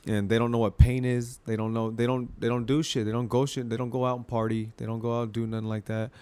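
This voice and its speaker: A man's voice: medium pitch, little pitch movement, quick pace, darkish tone, clean tone. Casual, profane young man retelling a story. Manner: loose and profane, acts out scenes in quoted voices. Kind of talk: casual chat.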